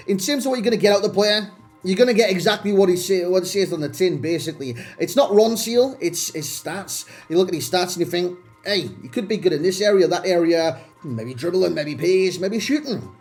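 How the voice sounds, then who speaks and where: A young man with a fairly high voice gives a casual game review, chatty and self-deprecating, often restarting his sentences. Faint music plays under him. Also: darkish tone. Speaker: gaming channel host.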